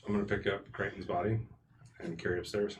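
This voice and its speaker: A man playing a tabletop game, lively and declaring his character's actions. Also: deep voice, fast talker, a little hiss or hum. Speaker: player. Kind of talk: casual tabletop play.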